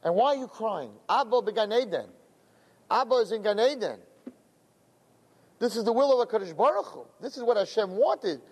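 A man voicing a devout young man who gently and earnestly urges his grieving mother to stop crying. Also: a little high, moderate pace, in a large hall, lightly acted. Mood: pleading.

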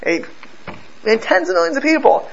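A man teaching a lesson through a story, animated and often restarting and repeating his words. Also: high voice, normal speed, gravelly. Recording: slightly dull with faint background noise.

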